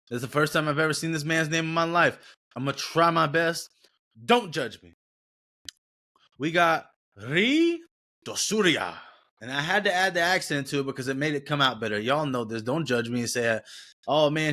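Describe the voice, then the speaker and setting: A young man hosts a sports podcast in a mid-range, bright voice with a forceful tone. His talk is casual, rambling, and slangy, and he corrects himself as he goes.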